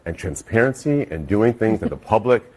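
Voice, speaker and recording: Low husky man, measured. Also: expressive, darkish tone. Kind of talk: political talk show discussion.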